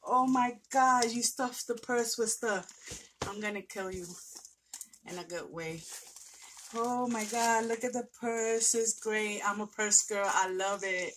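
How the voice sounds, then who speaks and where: With a noisy background behind her, a woman speaks at medium pitch and a somewhat slow pace. She is a vlogger unboxing a friend's craft parcel, gushing excitedly, exclaiming and speaking to the friend directly in casual chat.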